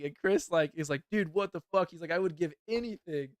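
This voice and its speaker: A man's voice: a little high, brisk, dry recording, clean studio sound. A young man hosting a podcast, telling a profane story with lots of laughter, then commenting on a fight. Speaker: podcast host.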